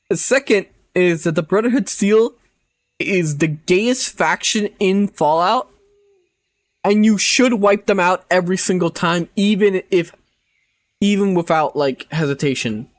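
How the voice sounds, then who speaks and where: A man's voice: high voice, measured pace, no echo. A man live-streaming who chats casually with his audience, making crude jokes, laughing often and rambling.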